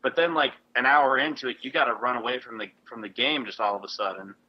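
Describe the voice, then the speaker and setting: A man's voice: medium pitch, fairly even intonation, quick pace, lo-fi sound. A man co-hosting a podcast, chatting and teasing with lots of fillers over a call. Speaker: podcast co-host. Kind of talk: casual chat. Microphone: Skype call.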